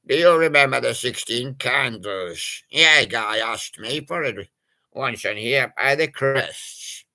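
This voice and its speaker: A man's voice: medium pitch, lively intonation, slow pace, gravelly, pushed and bright. A man, possibly older, doing playful, punning oldies radio patter and breaking into snatches of old songs. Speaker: radio presenter.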